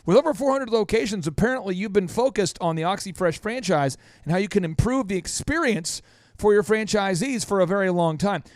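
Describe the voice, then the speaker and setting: A man's voice: sits high, expressive, a little fast, dry recording, clean studio sound. A man hosting a business podcast, teasing his guest in playful, exuberant banter. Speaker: podcast host. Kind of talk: lively radio show banter.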